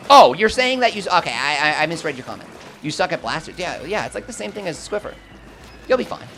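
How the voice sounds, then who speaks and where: A young man commentating live gameplay and chatting with his viewers, swinging between hype and quick explanations. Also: fairly high pitch, big pitch swings, vocal fry, fairly bright tone, slight background noise. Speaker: gaming streamer.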